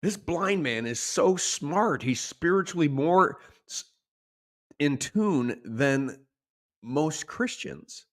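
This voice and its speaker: A male pastor preaching a sermon in an animated way, acting out the shouted lines he quotes. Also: on the high side, takes it slowly.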